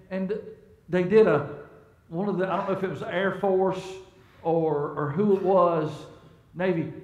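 High-voiced pastor preaching. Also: male voice, muffled recording. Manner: conversational, repeats words and restarts, asks the congregation questions. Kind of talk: sermon. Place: church sanctuary.

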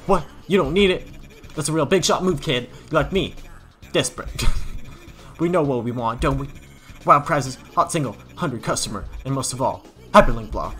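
Brief: man putting on a slick, loud scammer salesman, lots of up-and-down pitch. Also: animated, moderate pace, soft background music, natural voice. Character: fast-talking scammer salesman spam figure, pushy.

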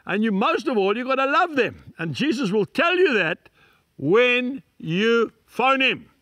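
An older man delivers a plain-spoken sermon and then prays slowly for his listeners. His voice sits high and moves freely through its range. The sound is close and dry, with no room around it. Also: very animated, sharp tone, no echo. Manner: folksy, earnest, talks straight to listeners. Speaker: preacher. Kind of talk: sermon and prayer.

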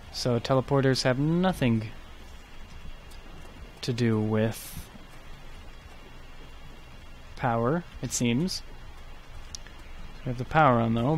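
A man giving casual let's play commentary, chatty and thinking aloud as he goes. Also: mid-range voice. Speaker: gaming YouTuber.

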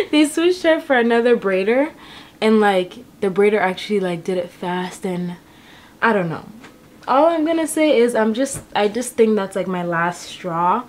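A woman's voice: medium pitch, normal speed, slight background noise. A young woman chatting to camera as she gets ready, telling a long story with lots of fillers. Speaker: vlogger. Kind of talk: casual chat to camera while getting ready. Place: apartment.

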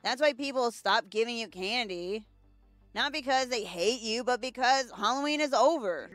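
Excitable young woman gaming. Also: fairly high pitch, moderate pace, soft background music. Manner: excitable, swearing, jokey. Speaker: gaming channel host. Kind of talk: let's play commentary.

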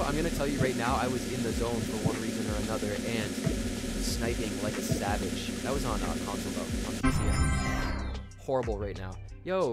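Hyped young man on a live stream. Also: mid-range voice. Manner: excitable, shouts out chat names, laughs often. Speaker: streamer opening card packs. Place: home office. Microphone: desk microphone. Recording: loud game music under the voice. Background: game music.

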